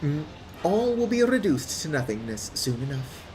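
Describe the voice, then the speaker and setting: A man's voice: on the high side, very animated, moderate pace, background noise. A man reading the lines of a scornful male villain lord in a haughty, taunting way. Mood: gloating. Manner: haughty, taunting delivery with "mm" and "uh" fillers. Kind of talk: reading game text aloud.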